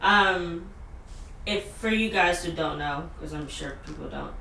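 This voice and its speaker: A woman hosts a casual chat and tells a story in an animated way, with lots of fillers. Her voice is bright and clear. The recording sounds echoey, from a mic set back in the room. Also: on the low side, measured pace, far from the mic, a little hiss or hum. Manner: animated, with frequent fillers and laughter. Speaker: podcast host.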